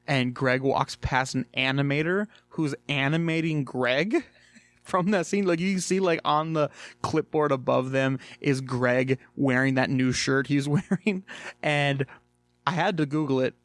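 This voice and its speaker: A man casually reviewing a cartoon episode, chatty and animated, swearing freely and filling gaps with "like" and "um". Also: medium pitch, measured pace, dry recording. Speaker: video reviewer.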